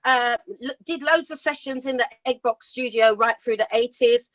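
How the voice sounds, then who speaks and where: A British woman in her fifties, a singer telling rambling, lively stories in a casual interview and laughing often. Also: on the high side, normal speed. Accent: British English. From Britain. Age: 50s. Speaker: singer guest. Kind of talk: casual storytelling chat.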